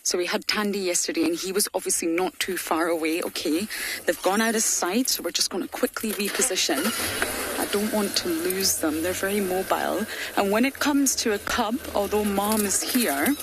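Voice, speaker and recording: A woman safari guide giving lively live commentary from an open vehicle on a game drive, laughing often. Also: mid-range voice, normal speed. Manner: chatty, animated, laughs often. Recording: noisy outdoor broadcast, vehicle and ambience.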